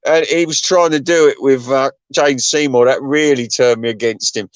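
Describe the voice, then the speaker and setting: A middle-aged man ranting on his channel in a crude, mocking, rambling way, often laughing and jumping up in pitch when he gets excited. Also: takes it slowly, no room sound. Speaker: vlogger. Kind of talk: rambling profane rant.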